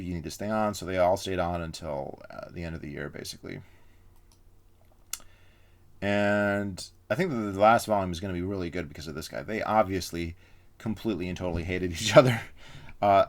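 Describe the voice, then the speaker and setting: A man's voice: low-pitched, fairly quick. A man giving a casual spoken book review, rambling with frequent fillers and restarts.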